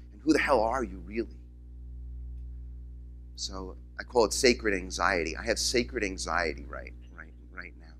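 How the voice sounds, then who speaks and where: A rabbi gives a keynote to a crowd, a man whose voice comes across bright and forceful. He spins his stories with animation and slips into the voices of others, while a little music lingers faintly behind him. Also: on the low side. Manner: storytelling, animated, acts out quoted voices. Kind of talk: conference keynote speech. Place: conference hall, in front of audience.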